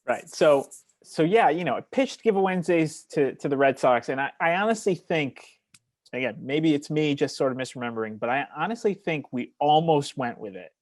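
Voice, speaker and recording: A man's voice: on the high side, lively intonation, normal speed, no room sound. A man appearing as a podcast guest, chatting casually in a playful, self-mocking way. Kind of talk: casual chat.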